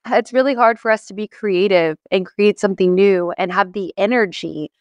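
Emphatic woman host with a smooth voice. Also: mid-range voice, moderate pace, no echo, lo-fi sound. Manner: emphatic, says "like" a lot, swears casually. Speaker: podcast host and coach. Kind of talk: casual encouraging chat.

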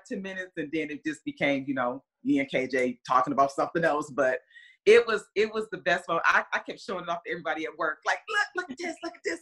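A middle-aged woman tells a story as a guest on a podcast. Her voice is bright and sits slightly low for a woman. She rambles casually with fillers and acts out what people said. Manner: chatty, lots of fillers, acts out quotes. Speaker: football player's mother, podcast guest.

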